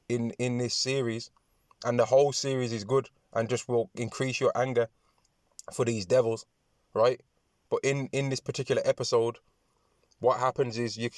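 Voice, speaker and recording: A man preaching and reading scripture aloud, talking in repetitive, halting phrases with many restarts, often tagging lines with "man" and "right". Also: mid-range voice, dry recording, clean studio sound. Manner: addresses listeners with "man" and "right". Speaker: religious speaker.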